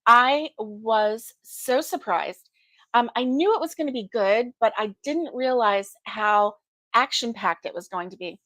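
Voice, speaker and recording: A woman's voice: fairly high pitch, unhurried, fairly bright tone, dry recording. Sleepy, chatty woman hosting a livestream. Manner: sleepy, chatty, yawning often. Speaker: crochet channel host. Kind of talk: casual morning livestream chat.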